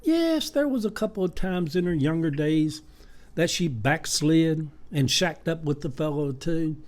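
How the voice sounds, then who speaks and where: An older man in his seventies talks straight to his viewers, drifting from one story to the next. His voice sits a little high for a man, and he fills his pauses with plenty of ums and uhs as he rambles on in a homespun way. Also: expressive. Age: 70s. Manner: rambling, folksy storytelling with many fillers. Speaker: vlogger. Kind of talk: casual monologue.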